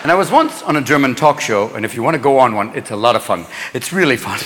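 A man doing a fast, manic stand-up comedy routine, slipping in and out of put-on voices. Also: medium pitch, sing-song. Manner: rapid, manic, jumps between put-on voices. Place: stage before a large live audience. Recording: live show in a big hall, loud crowd laughter.

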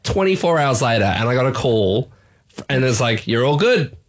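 A man's voice: mid-range voice, normal speed. A man in his thirties with an Australian accent, co-hosting a podcast and telling an embarrassing story in casual chat, acting out the dialogue. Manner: animated, acts out dialogue, laughs at himself. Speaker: podcast co-host.

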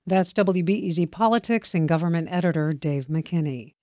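A woman hosting a radio news interview, asking questions calmly and formally. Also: lowish voice, normal speed, dry recording. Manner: calm, formal. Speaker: radio host.

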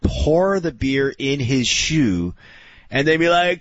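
Animated, bright-voiced radio co-host. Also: male voice, medium pitch, unhurried, no room sound. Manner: animated storyteller. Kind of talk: casual radio chat. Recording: dull lo-fi radio audio with faint music.

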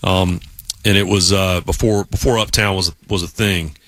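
A man's voice: sits low, steady tone, moderate pace, a bit bright, no room sound. A man co-hosting a podcast, chatting casually and acting out the voices in his stories. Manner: storytelling, acts out quoted voices. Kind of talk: casual chat.

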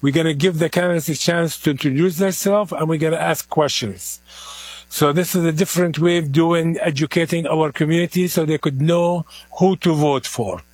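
A man's voice: on the high side, fairly even intonation, normal speed, a little mellow, no room sound. A middle-aged man with a heavy Palestinian Arabic accent, speaking earnestly as an interview guest. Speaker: community organizer, guest. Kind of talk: interview at an event.

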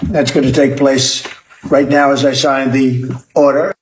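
A man's voice: medium pitch, level tone, measured pace. Older male official, declarative; far-off, echoey clip, faint noise. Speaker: politician making an announcement. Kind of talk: official announcement.

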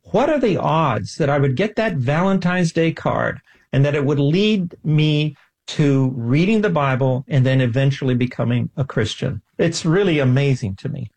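A man's voice: on the high side, expressive, normal speed, creaky, darkish tone. A man speaking as a guest in an interview, earnest and self-deprecating, telling a personal story with enthusiasm. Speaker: guest, scientist.

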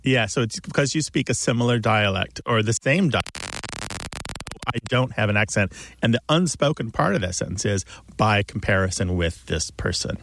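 A man's voice: fairly low pitch, animated, moderate pace, fairly bright tone. A man co-hosting a call-in radio show, explaining things in a chatty way and laughing easily.

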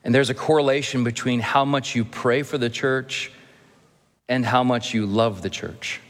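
A male pastor delivering a sermon in an earnest, measured way, with touches of gentle humor. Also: mid-range voice, steady tone. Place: church sanctuary. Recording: long reverb of a church hall.

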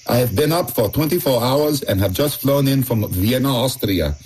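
A man voicing a friendly, finely dressed Austrian gentleman, courteous and worn out from travel. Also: medium pitch, animated, moderate pace, soft background music, voice pushed up, close to an everyday voice, low-quality recording. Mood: tired.

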